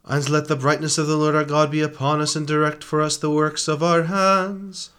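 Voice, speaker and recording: A man chanting hymns and reading prayers aloud, moving between slow sung chant and quick, even recitation of set prayers. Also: fairly high pitch, smooth. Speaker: reader and cantor.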